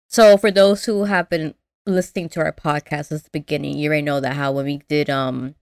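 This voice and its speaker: A woman co-hosting a podcast in casual chat, animated and acting out movie lines in voices. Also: sits low, normal speed, dry recording, clean studio sound. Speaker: podcast co-host.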